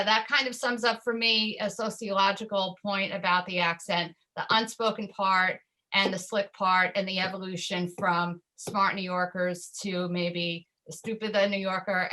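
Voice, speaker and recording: A woman's voice: fairly low pitch, flat delivery, moderate pace, sharp tone, a little hiss or hum. A woman speaking as a panelist in an online discussion, chatty and piling up several points at once.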